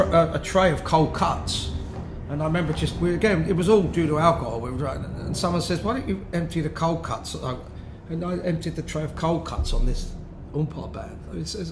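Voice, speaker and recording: A man telling rambling, laughing stories with many restarts. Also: on the high side. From London. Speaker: musician, interview guest. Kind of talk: casual anecdotal storytelling. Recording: roomy with faint background noise.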